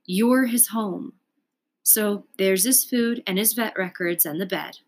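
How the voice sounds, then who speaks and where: A woman's voice: medium pitch, slow pace. A woman doing a sad, kindly grown woman. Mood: tender. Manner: gentle, choked-up. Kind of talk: storybook read-aloud.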